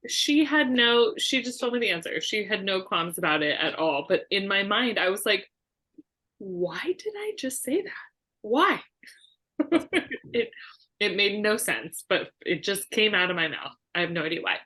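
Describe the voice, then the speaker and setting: A woman's voice: mid-range voice, brisk, hardly any pauses, pushed and bright. Chatty, self-mocking woman chiropractor. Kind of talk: casual storytelling among colleagues.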